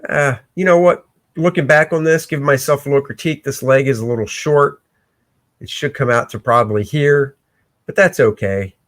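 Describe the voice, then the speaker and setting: A man hosting a casual livestream where he talks through his own comic pencils, excitable and breaking into shouts. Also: mid-range voice, normal speed. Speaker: comic artist and show host. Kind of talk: casual livestream art commentary.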